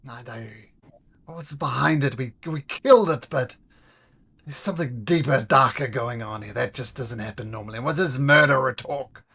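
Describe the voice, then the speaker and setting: A man's voice: mid-range voice, normal speed, gravelly, slightly rough. Man running a tabletop game. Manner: casual, animated storytelling. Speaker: game master.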